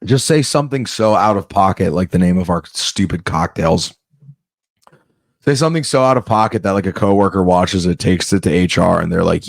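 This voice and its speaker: A man's voice: deep voice, moderate pace, gravelly, no room sound, studio quality. A man doing a rambling comedic monologue, often breaking off and restarting mid-sentence. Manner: rambling, self-interrupting, off-the-cuff.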